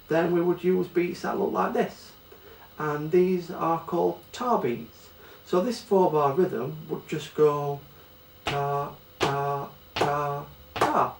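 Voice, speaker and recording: A man's voice: a little high, a little mellow. A man with a Yorkshire accent teaching a children's music lesson, patiently explaining pulse and rhythm step by step. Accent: Yorkshire English. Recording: echoey room, distant mic, faint ambience.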